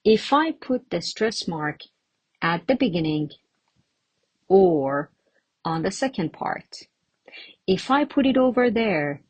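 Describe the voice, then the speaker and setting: Woman pronunciation teacher, unhurried and a little husky, casual lesson style, close dry sound. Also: medium pitch, lively intonation, no echo. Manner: slow, drawn-out demonstration of words, with light laughs.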